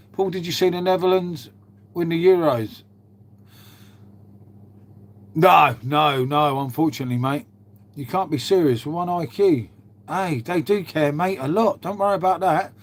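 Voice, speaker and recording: A man, chatting casually on a live stream. His voice sits a little high for a man. He swears freely and trades banter as he reads and answers viewers' messages. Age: 50s.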